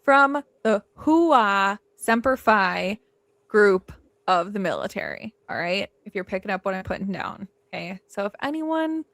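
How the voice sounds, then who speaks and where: Woman true crime host, gravelly edge, dry close sound, emphatic and rambling. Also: mid-range voice, very animated, unhurried, a bit bright, no echo. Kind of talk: casual livestream discussion.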